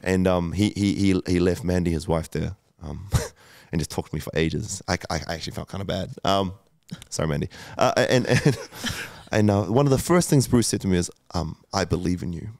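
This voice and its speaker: A man's voice: deep voice, moderate pace, creaky, a little mellow, dry recording, studio quality. A man in his thirties, a podcast guest, telling his story candidly and emotionally, with lots of swearing, fillers and restarts. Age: 30s.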